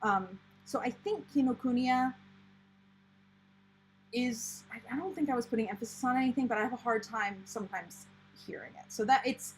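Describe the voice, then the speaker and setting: Chatty American woman, rambling, fairly high voice. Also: normal speed, a little hiss or hum, low-quality recording. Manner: chatty, rambling, many fillers and restarts. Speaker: planner channel host. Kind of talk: casual live-stream chat reading viewer comments.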